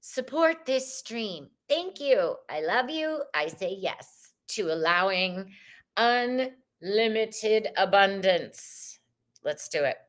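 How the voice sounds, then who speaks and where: A woman's voice: mid-range voice, fairly bright tone. A woman hosting a live tarot reading, bubbly and effusive, her voice a little tired. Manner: bubbly, effusive, sprinkles in "y'all", sometimes sings. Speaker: tarot reader and livestream host.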